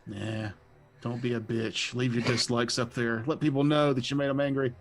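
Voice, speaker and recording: A man's voice: mid-range voice, flat delivery, normal speed, faint music behind. A man playing in a tabletop game, giving blunt, opinionated takes in casual chat. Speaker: player.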